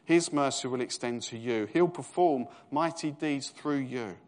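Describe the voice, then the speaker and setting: A man's voice: medium pitch, measured pace. A man in his fifties with a London East End accent, preaching a sermon in a conversational tone that rises to emphatic proclamation.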